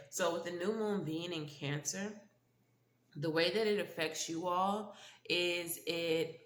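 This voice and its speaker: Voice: mid-range voice, fairly bright tone. A tarot reader giving a casual spiritual reading to viewers with a stuffy, congested voice, often checking in with "okay?" and "all right?". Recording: echoey room with faint background noise.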